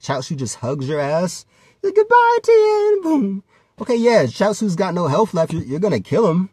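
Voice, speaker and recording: A man's voice: fairly high pitch, lively intonation, brisk, a little mellow, breathy edge, no room sound, studio quality. A man giving a rambling, casual commentary, laughing often and swearing freely as he talks. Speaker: vlogger.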